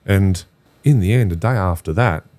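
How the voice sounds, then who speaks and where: Australian bloke, low-pitched, blunt and animated, telling a personal story on a podcast. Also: male voice, normal speed. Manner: blunt, animated retelling with quoted dialogue. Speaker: podcast guest. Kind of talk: candid storytelling.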